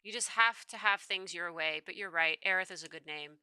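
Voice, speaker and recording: A young mother, fond and teasing toward her husband, read by a woman in her own very bright voice. It sounds like game dialogue read aloud. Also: lowish voice, fairly quick, smooth, dry recording, pitched below the performer's own voice. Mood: affectionate.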